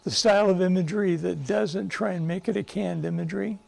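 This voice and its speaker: Gravelly high-voiced older man. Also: a little fast, a little mellow. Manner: earnest, rambling with restarts, emphatic. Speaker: psychologist and guest speaker. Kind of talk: speaking to a live group, storytelling.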